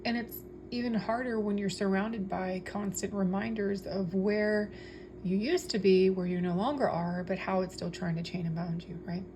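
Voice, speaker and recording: A woman's voice: mid-range voice, steady tone, moderate pace, dark tone, a little hiss or hum. A woman talking casually and earnestly about spirituality, preaching with repeated phrases and frequent restarts. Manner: speaks with many fillers and restarts. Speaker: tarot reader and spiritual vlogger.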